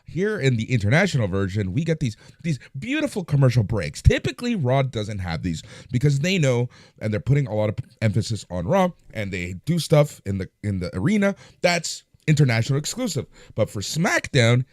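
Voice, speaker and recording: A man co-hosts a podcast and explains things conversationally. His pitch moves in a lively way, and his voice sounds dry and close to the mic. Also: a little fast, no echo. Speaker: podcast co-host. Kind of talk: casual chat.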